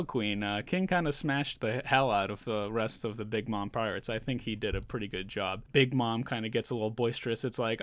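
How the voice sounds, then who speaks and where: A man's voice: fairly low pitch, fairly quick, hardly any pauses, a bit bright, dry recording. A man giving a casual, loose recap of a manga chapter, chuckling now and then and talking with plenty of fillers. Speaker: manga reviewer.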